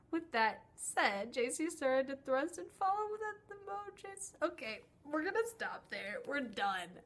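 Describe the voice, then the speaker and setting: A woman's voice: high-pitched, lively intonation, normal speed. A young woman reading a story aloud and mocking it with sarcastic asides. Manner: sarcastic, breaks off to mock the text. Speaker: comedy vlogger. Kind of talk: mock dramatic reading with commentary.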